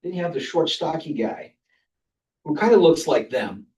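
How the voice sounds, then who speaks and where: A man's voice: on the high side, big pitch swings, normal speed, darkish tone. An older man giving a humorous speech at a club, telling travel anecdotes and chuckling between them. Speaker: club speaker. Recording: roomy sound from a distant mic.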